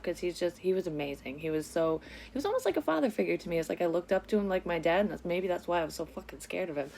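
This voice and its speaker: A woman's voice: low-pitched, a little mellow, slight background noise. A woman vlogger telling a personal story in a casual, rambling way, swearing often and drifting onto side topics. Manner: rambling, frequently sidetracked; swears often, frank and confessional. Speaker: psychic medium vlogger.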